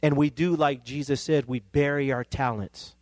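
A male pastor, preaching a sermon that climbs into emphatic, excited peaks. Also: medium pitch, normal speed, dry recording.

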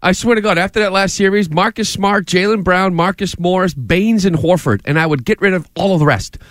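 Brief: quick, lively male sports host, dry close mic, blunt and jokey. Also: high voice, no room sound. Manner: fast, animated, blunt, swears, joking. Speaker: sports talk show host. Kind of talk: heated casual sports chat.

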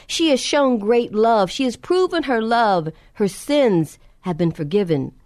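A woman preacher voicing a calm male teacher who speaks in a measured, solemn way, a little lower than her own voice. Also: no room sound, clean studio sound.

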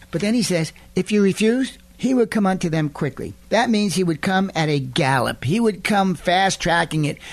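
Emphatic preacher man, fairly high voice. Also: vocal fry. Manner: emphatic, building to loud indignant rises. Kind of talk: radio sermon.

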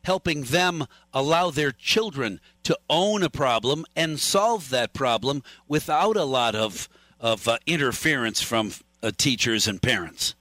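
A man with a bright, mid-pitched voice hosting a morning radio interview. He is chatty and friendly, with short agreeing remarks between the guest's points. The sound is dry and close-miked. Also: animated, no room sound. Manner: friendly, chatty, quick affirmations. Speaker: radio show host.

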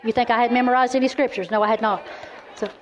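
A middle-aged woman gives a storytelling sermon as a speaker for a women's ministry, animated and emphatic, frequently restarting her words. Her voice is a little high and fast, with a faint crowd in the background.

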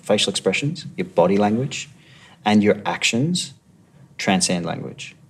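An Australian man, a police negotiator, calmly reflecting on his work in a documentary interview. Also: on the low side, measured pace, vocal fry, husky.

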